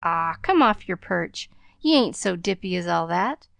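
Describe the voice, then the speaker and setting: A woman's voice: lowish voice, expressive, a little slow, vocal fry, dry recording, full character voice. A woman voicing a young street-smart newsboy who talks in clipped slang. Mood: brash.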